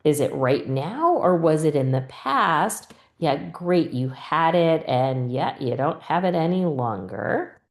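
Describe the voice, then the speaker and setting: A woman's voice: low voice, expressive, takes it slowly, roomy sound. A woman teacher patiently explaining a spelling rule, acting out the questions she asks students. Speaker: reading teacher trainer. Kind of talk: instructional explanation.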